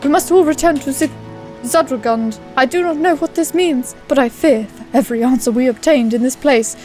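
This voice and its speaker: A woman's voice: high voice, fairly quick, warm tone, faint music behind, close to an everyday voice. Male ranger, troubled, earnest questions, fantasy game, voiced by a woman.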